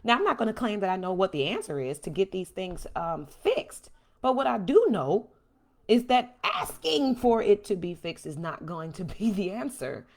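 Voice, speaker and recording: A woman's voice: mid-range voice, moderate pace. Impassioned woman hosting a livestream. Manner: impassioned, animated, reads and answers viewer comments. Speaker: host. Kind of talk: livestream commentary.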